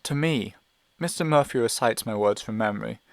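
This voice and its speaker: Male audiobook reader, mid-pitched, anxious narration, dry booth sound. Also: moderate pace, vocal fry, dry recording. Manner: anxious, hesitant inner monologue. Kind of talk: first-person novel narration.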